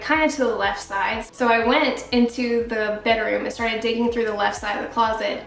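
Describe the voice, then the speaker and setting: A woman's voice: on the high side, creaky. Chatty young woman in an echoey room. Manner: chatty, rambling with fillers. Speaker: art vlogger. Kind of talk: casual storytelling vlog. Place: home art studio. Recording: roomy, from a distance, music under. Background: soft background music.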